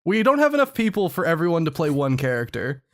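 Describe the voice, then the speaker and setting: High, animated podcast host. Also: male voice, fast. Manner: exasperated, sarcastic, swears a lot. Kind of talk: casual comedy podcast banter.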